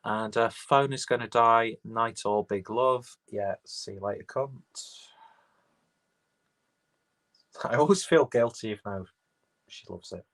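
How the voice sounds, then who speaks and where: A man's voice: mid-range voice, normal speed, a bit bright, rough recording. A man with an English accent, hosting a casual livestream and reading viewers' comments aloud, rambling and swearing freely. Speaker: livestream host reading chat.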